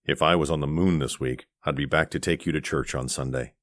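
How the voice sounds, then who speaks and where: A man voicing an earnest young man, speaking low and restrained in a romance audiobook. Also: steady tone, brisk, fairly bright tone, dry recording, studio quality. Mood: tender. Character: tender earnest young man, gentle suitor.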